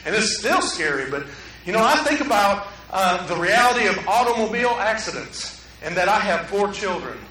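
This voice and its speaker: A middle-aged man preaches a sermon, dropping to near-hushed stretches and then rising sharply. His voice sits high and bright. It is picked up from a distance in a reverberant room. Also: a little hiss or hum. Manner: preaching with big swings from quiet to loud. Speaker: pastor. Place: room with an audience.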